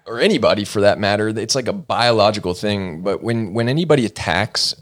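Low-voiced, reflective man in conversation. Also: fairly quick. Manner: reflective, supportive. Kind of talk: casual conversation.

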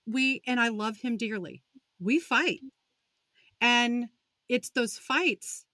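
Higher-pitched woman hosting, dry close sound. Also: slow, pushed and bright, dry recording. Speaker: host. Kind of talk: faith-based interview conversation.

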